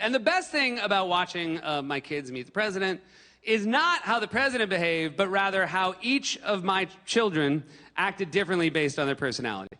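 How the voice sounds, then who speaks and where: Animated high-voiced American comedian on stage. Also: male voice, a little fast. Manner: animated, swings into loud exaggerated bursts. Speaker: stand-up comedian. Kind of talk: stand-up comedy set. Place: large theater stage. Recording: long hall reverb, audience noise.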